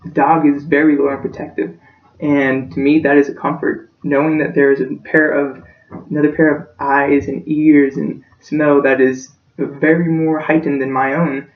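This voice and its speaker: A young man giving a practice persuasive speech for a class, earnest and emotional, his voice close to breaking. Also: medium pitch. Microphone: self-recorded from a distance. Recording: echoey room, distant dull-sounding mic.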